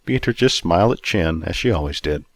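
A male storyteller narrates in a low voice that moves expressively up and down. He reads close to the mic, with a dry, dead-sounding room and no echo. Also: brisk. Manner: expressive, acts out every character.

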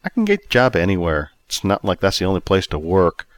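A man's voice: sits low, wildly swooping pitch, fairly quick, no echo. A man voicing a friendly, easygoing bakery worker who talks casually in a storybook reading.

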